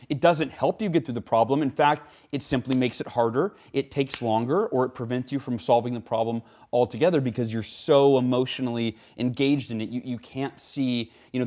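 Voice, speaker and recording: Animated man telling a story. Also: normal speed, few pauses. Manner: animated, acts out quotes with rising pitch; frequent "right?" tags. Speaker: guest speaker. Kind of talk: conversational interview.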